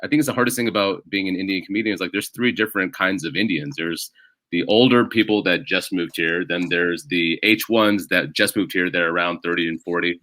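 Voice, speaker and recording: This American comedian has a low, bright, forceful voice and talks fairly quickly. As a podcast guest he chats casually, rambling through joke-filled anecdotes with frequent restarts.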